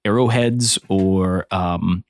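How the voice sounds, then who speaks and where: A man playing in a tabletop game session. He talks casually and haltingly, with many fillers and quick laughs. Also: deep voice, dry recording. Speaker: player.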